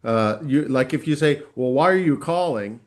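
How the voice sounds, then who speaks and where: A man's voice: mid-range voice, animated, normal speed. A man on a video call giving confident, matter-of-fact advice. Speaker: participant.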